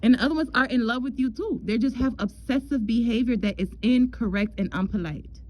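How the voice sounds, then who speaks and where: A woman's voice: a little high, brisk, a little mellow, a little hiss or hum, low-quality recording. A woman giving a casual astrology love reading in a chatty way, repeating herself and calling the listener "girl". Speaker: tarot love reader.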